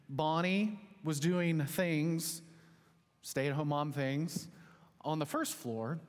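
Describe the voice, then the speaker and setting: Lively high-voiced man preaching in a hall. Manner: animated, conversational storytelling. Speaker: pastor. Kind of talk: storytelling sermon. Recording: long hall reverb.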